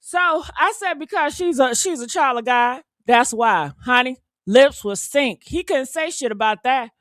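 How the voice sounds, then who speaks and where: Sassy woman with going off on her live, high bright voice, dry sound. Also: lively intonation, unhurried, dry recording. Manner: fired-up, sassy, calls viewers honey and baby. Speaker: live stream host. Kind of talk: ranting live stream commentary.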